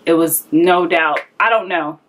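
A woman's voice: on the low side, unhurried, a bit bright. A young woman telling a personal story in a candid, conversational way, a little out of breath, acting out the voices she quotes. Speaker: vlogger.

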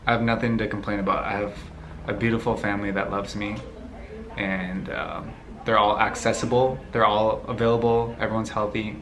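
A young man from the United States answering viewer questions in a relaxed, rambling way, laughing easily. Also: lowish voice, moderate pace, slight background noise. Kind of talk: casual Q&A chat.

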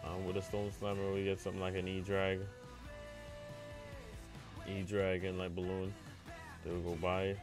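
A man's voice: low voice, moderate pace, long pauses, music in the background. A young man streaming a live game, chatting with his viewers and crying out in dismay when plays go wrong. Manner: excitable, talks to chat, cries out when things go wrong. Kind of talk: live gameplay commentary.

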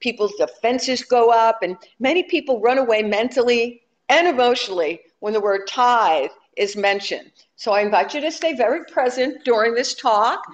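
A woman minister delivering a sermon with a slightly high-pitched voice. She talks conversationally, with light humor aimed at her congregation. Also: normal speed, few pauses, highs cut off.

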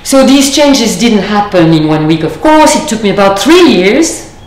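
This lecturer, a woman whose native language is French, has a mid-range, slightly mellow voice with big pitch swings. She speaks in a measured, reflective way with deliberate pauses, in an echoey room with faint noise behind her.

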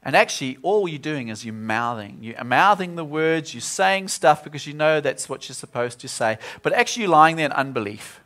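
A man's voice: a little high, lively intonation, fairly quick, hardly any pauses, fairly bright tone. A man preaching a sermon at a church service, earnest and often repeating himself as he restarts.

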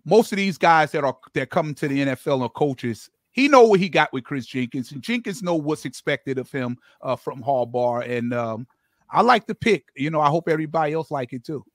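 A man's voice: on the high side, no room sound. A man hosting a casual sports podcast, talking picks in an enthusiastic, conversational way. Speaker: podcast host.

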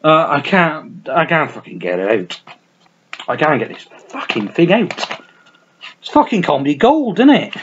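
A man chatting casually to camera about his film collection, rambling and swearing with many restarts and self-mocking asides, in a small warm room at home. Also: fairly high pitch, sing-song, unhurried, muffled recording, background noise. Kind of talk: casual unscripted chat to camera.

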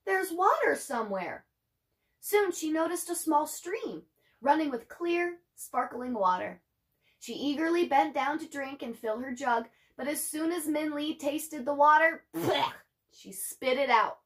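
A woman teacher reads a children's novel aloud with lively expression, her voice sitting a little high. She breaks off now and then for chatty asides to her students. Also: a little slow.

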